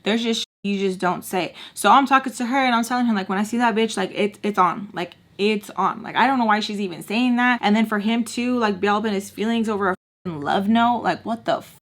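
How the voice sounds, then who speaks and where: A young woman vlogger telling a personal story in casual chat, animated and indignant, cursing bluntly and filling her talk with "like" and "you know". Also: fast, few pauses. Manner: animated, indignant, quotes people with sudden pitch jumps; blunt and profane, lots of fillers like "like" and "you know".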